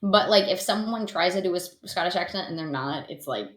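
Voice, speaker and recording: A woman guesting on a podcast in casual chat, chatty and quick to laugh. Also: on the low side. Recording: echoey room.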